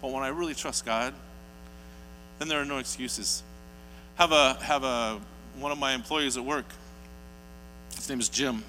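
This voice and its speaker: A man's voice: mid-range voice, moderate pace, long pauses, bright, forceful tone. A man preaching a sermon, telling stories earnestly and building to emphatic peaks. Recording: hall reverb with faint mains hum.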